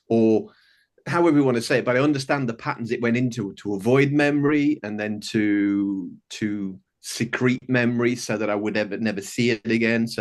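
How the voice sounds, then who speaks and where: Fifties man, video call from home, warm rambling storyteller, frequent restarts. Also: on the low side. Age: 50s. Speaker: participant sharing a story. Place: home bedroom.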